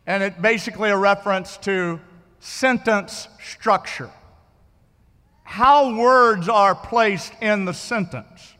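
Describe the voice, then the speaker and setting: A man with a very high, bright voice preaches a sermon. He talks to his listeners conversationally, doubling back on words and often asking whether they are following. A long reverb hangs behind him in a church hall. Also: takes it slowly. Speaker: pastor.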